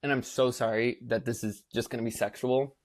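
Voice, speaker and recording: A young man chatting on a podcast at a middle pitch, recounting events with animated energy. He jumps into little voices to act out what people said and fills his sentences with casual fillers. The talk is loose and conversational. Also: fairly quick. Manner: animated storyteller, acts out quotes in voices, many fillers. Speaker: podcast co-host.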